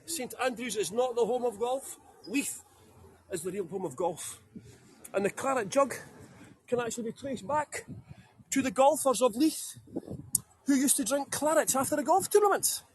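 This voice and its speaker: Scottish male tour guide, very high voice, chatty and joking, outdoors on a phone with faint street ambience. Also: animated, normal speed, long pauses, a little hiss or hum. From Scotland. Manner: chatty, jokey, greets viewers by name. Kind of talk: live-streamed walking tour.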